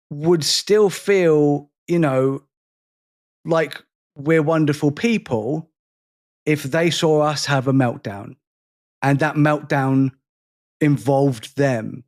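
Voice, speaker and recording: A man's voice: fairly high pitch, darkish tone. A man co-hosting a podcast, speaking emphatically and venting his frustration at length in casual conversation. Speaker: podcast co-host.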